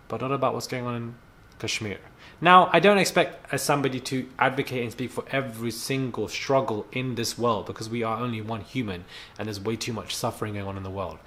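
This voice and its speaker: A man's voice: medium pitch, fairly quick, sharp tone. Annoyed man ranting to camera. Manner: annoyed, heated, repeats himself with fillers. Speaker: vlogger.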